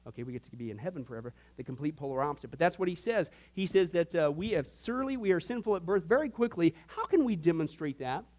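A man's voice: on the high side, animated, quick pace, few pauses, darkish tone. A man teaching an informal Bible class, folksy and joking, often slipping into quoted voices.

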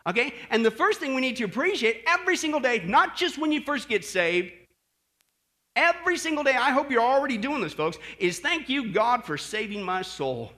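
A man preaching a sermon as pastor, animated, often asking the congregation questions and adding friendly "okay?" asides. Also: extremely high pitch, a little fast.

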